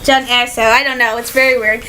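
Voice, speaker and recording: A young woman from Michigan chats in a casual vlog, her voice high and bright. She rambles eagerly, with plenty of "um" and "like", and now and then drifts toward a put-on British accent. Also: brisk, slight background noise, low-quality recording. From Michigan, USA. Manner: excitable, rambling, many fillers and likes, slips into a put-on British accent. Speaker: vlogger.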